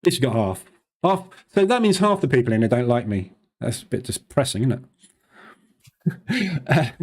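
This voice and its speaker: A man hosting a live trading stream, talking fast in a chatty, loose way with plenty of fillers. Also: medium pitch, sing-song, darkish tone.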